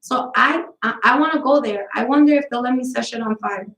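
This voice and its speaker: New woman in her 30s ranting and cursing on her live show, kinda high voice, echoey room. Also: a little fast, fairly bright tone. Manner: blunt, profane, rambling storytelling. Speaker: host of a live talk stream. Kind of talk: casual chat.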